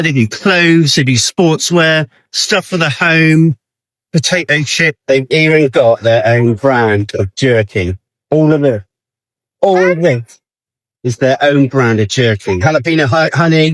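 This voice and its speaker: A man talking excitedly to his viewers as he shows them around a large store, stacking up one find after another. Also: fairly high pitch, no echo. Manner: excited, showing things off to viewers. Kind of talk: casual vlog to camera.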